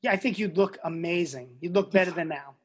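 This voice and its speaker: A man's voice: sits high, brisk. A young man hosting a podcast, ribbing his friends in crude, profanity-laced casual chat. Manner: crude, teasing banter with frequent swearing. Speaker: podcast host.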